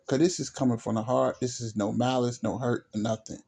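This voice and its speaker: A man's voice: medium pitch, steady tone, a little fast, vocal fry, darkish tone, breathy edge. A YouTuber man delivering a blunt, profane rant straight to camera, repeating his points as he lectures.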